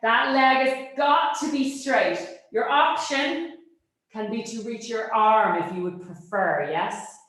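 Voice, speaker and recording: A woman instructor talks a class through a Pilates workout, her cues brisk and encouraging. She often checks in with a quick "yes?". The studio is very echoey. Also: fairly high pitch, a bit bright. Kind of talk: cueing an exercise class. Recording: very echoey room.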